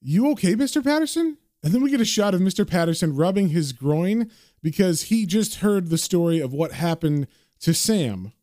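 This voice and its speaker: A man reading a comic aloud in a casual, animated manner, describing the panels. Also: fairly high pitch, normal speed, no echo, clean studio sound. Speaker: comic book reader.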